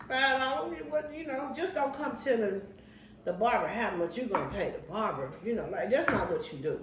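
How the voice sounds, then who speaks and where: A woman's voice: a little high, a little fast. Chatty woman in her fifties, roomy sound. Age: 50s. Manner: chatty, colloquial, animated retelling. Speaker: vlogger and barber. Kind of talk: casual storytelling while cooking. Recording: roomy sound from a far mic.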